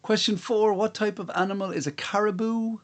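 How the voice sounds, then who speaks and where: A man's voice: sits high, fairly even intonation, fairly quick. A man hosting a live-streamed quiz from home, reading out questions and answers with chatty, self-mocking asides. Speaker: quiz host. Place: room at home.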